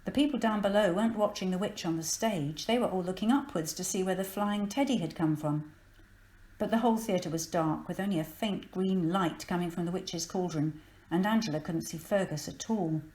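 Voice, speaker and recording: Low-voiced woman reading a storybook. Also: moderate pace, roomy sound, rough recording. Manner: clear, expressive storytelling. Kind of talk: children's book read-aloud.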